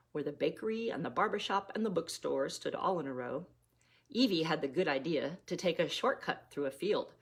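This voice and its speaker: A woman reading her own novella aloud, gently, like a mother reading a story to her children. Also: low-pitched, slightly rough.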